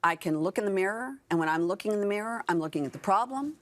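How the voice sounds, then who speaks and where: A woman's voice: medium pitch, expressive, fast talker. A woman in her sixties being interviewed on a morning TV show, speaking earnestly and repeating key phrases for emphasis. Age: 60s. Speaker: guest actor and author. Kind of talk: television interview. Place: morning TV studio.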